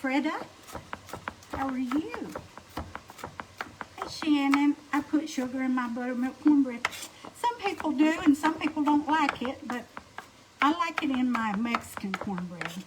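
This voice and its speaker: A woman's voice: high-pitched, a little slow, pauses often. A middle-aged woman with an Alabama Southern accent, chatting folksy and easy while she cooks at home on a livestream and greets viewers by name. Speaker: home cooking livestream host. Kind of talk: casual cooking livestream chat. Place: home kitchen. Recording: noisy kitchen with clattering dishes.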